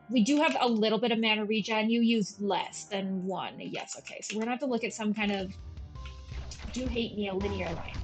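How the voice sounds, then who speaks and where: Over faint game music, a thirtysomething woman streams gameplay in a mid-range Valley Girl voice. Her commentary is casual, rambling, and self-deprecating, and the recording is rough.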